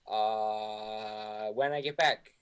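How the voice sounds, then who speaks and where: A man playing a character in a tabletop role-play, with an insistent, deadpan and sometimes flustered manner. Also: on the low side, extremely slow, clean tone. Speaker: player.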